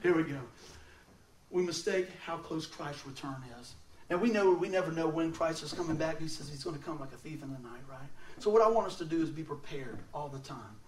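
A man giving a sermon, telling stories in an animated way and laughing often as he talks. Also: a little high, a little fast. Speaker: preacher. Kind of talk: storytelling sermon. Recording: roomy sound, mic at a distance.

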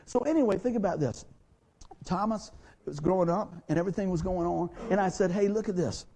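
A man's voice: sits high, brisk, vocal fry, mellow. A middle-aged man as pastor, preaching a sermon to his church in a folksy, conversational way, acting out the quotes of the people in his stories. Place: church sanctuary.

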